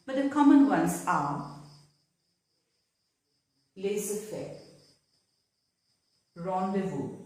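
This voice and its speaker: A woman with an Indian English accent, a native Assamese speaker, teaching pronunciation patiently, spelling words letter by letter and repeating them. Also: on the low side. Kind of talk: slow spelled-out pronunciation lesson. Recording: echoey room.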